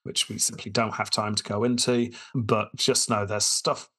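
A man's voice: lowish voice, flat delivery, normal speed, fairly bright tone, slightly rough. A man hosting a casual history podcast, telling the story with quotes and dry asides.

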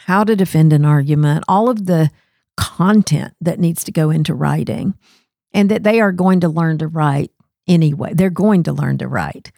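A woman's voice: low voice, vocal fry, warm tone, no room sound, studio quality. A woman co-hosting a casual education podcast discussion, thinking aloud and inviting pushback as she talks. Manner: thinks aloud, self-questioning, laughs easily. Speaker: curriculum podcast co-host.

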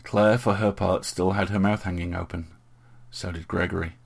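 A man narrating an audiobook in a steady, measured way. His voice is very deep and gravelly, with a husky, rough grain.

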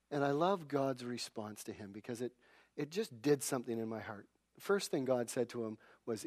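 A man's voice: mid-range voice, animated, brisk, a little mellow. A middle-aged male pastor preaching a sermon in church, earnest and emphatic, with a self-deprecating humor.

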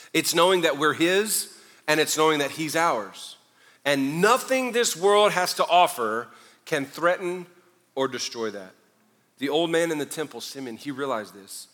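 A male pastor preaches with a bright, forceful tone that climbs in intensity toward the close. He breaks into casual, self-deprecating stories before building back up. His voice rings out through the long reverb of a large church hall. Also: a little high. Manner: preaches with rising fervor, conversational asides and self-deprecating humor. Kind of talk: sermon.

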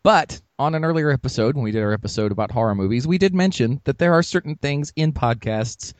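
A man's voice: medium pitch, lively intonation, fast, no echo. A man co-hosting a podcast, chatting casually and joking as he rambles through the topic. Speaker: podcast co-host.

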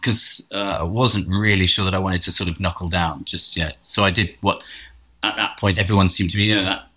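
A middle-aged man with a posh English accent spins rambling, wry anecdotes in relaxed conversation, often doubling back on himself. His voice sits on the lower side. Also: fairly quick, breathy edge. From England. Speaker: guest. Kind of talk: casual storytelling chat.

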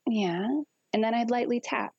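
A woman's voice: fairly high pitch, steady tone, normal speed, creaky, darkish tone, breathy edge, no room sound, dull audio. A woman guest on a podcast, talking frankly and casually with frequent laughter and swearing. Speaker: guest kink educator.

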